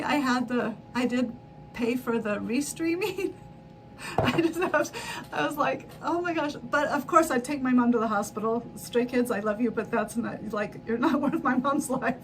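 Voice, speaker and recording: A middle-aged woman with a high voice talks casually on her sewing livestream. She rambles through her story, corrects herself midway and laughs often. A soft low rumble hums faintly behind her. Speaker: livestream host. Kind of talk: casual chat while sewing.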